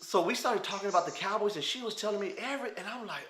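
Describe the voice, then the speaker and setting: Man, Texan accent, high bright voice, animated storyteller, acts out quotes, roomy studio echo. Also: fast. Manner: lively, acts out quotes, laughs often. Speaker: guest telling his story. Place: television studio.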